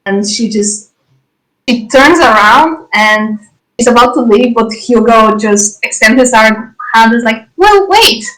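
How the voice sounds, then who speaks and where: A woman narrating a role-play scene as game master, casual and halting. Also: fairly high pitch, steady tone, fairly bright tone, poor audio.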